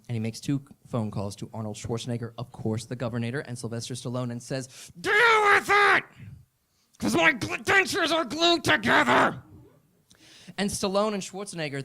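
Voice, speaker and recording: A man performing an excitable comedy monologue, often building up to shouts. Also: on the high side.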